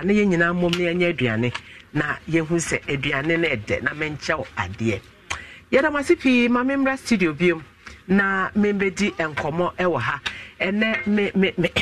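A man's voice: high-pitched, a bit bright. A man hosting a call-in radio show, making announcements and asking a caller questions. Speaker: radio host.

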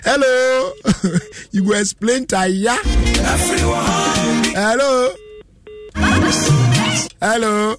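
A man's voice: sits high, extremely slow, pauses often. A Ghanaian man hosting a call-in radio show, reading out comments in a sing-song, playful way. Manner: sing-song, playful delivery with frequent laughs. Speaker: radio show host reading listener comments and taking calls. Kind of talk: lively call-in radio chat, mixing languages. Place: radio studio. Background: loud hip hop music.

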